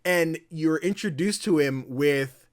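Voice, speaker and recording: A man hosting a podcast in casual chat, animated, laughing often and swearing casually. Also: on the high side, takes it slowly, dry recording, studio quality. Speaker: podcast host.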